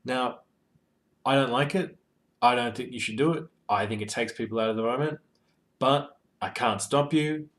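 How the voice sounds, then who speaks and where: A tabletop game master offers casual advice on running games, rambling with lots of ums and you-knows while joking and swearing. His voice is medium-pitched, fairly bright, and at a normal speed.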